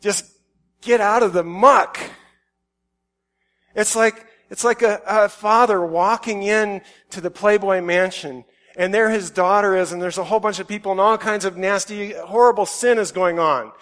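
A man giving a conversational sermon, shifting from quiet reflective musing to loud emphatic outbursts. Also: high-pitched, steady tone, normal speed. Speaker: pastor.

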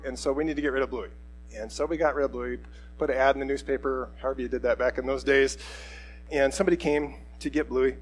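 A middle-aged man preaching a sermon, telling a personal story in a conversational, animated way. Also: mid-range voice, quick pace, poor audio. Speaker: pastor.

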